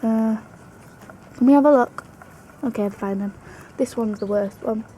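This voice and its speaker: With a mellow, slightly high voice and a measured pace, a young woman tells casual stories to the camera about her pet rabbit at home. She's chatty and fond, cooing to the animal now and then. The audio is rough, with slight background noise.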